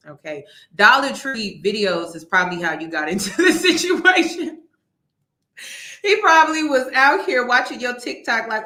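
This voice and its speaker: A woman hosting a reaction commentary, animated, laughing and restarting her sentences. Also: on the high side, moderate pace, roomy sound. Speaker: commentary host.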